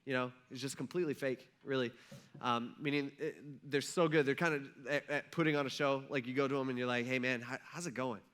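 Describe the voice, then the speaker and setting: Guy pastor preaching in church, bright voice, gets loud acting out the quotes. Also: mid-range voice, fairly even intonation, fast talker, clear, resonant tone. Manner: conversational, acts out quotes with rising intensity. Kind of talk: sermon. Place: church sanctuary.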